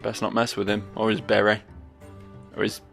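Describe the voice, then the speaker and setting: A man's voice: lowish voice, level tone, moderate pace, creaky, fairly bright tone, soft background music. A man giving gameplay commentary, cracking dry sardonic jokes at the game. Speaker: let's play host.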